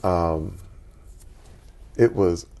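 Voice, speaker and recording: A man in his forties, a guest in an interview, telling personal stories in an animated way and acting out quotes with big jumps in his voice. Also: low voice, very slow, creaky. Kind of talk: conversational storytelling.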